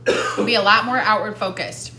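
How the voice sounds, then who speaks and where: Woman host, chatty live-stream tips, bright tone, echoey room with faint hiss. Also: mid-range voice, fairly even intonation, moderate pace. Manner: chatty, laughs often, talks while eating. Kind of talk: casual live-stream chat.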